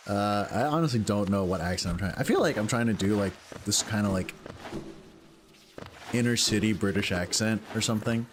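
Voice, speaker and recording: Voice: low-pitched, fairly quick, background noise. A game streamer chatting casually while playing, rambling and self-deprecating with lots of fillers. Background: music.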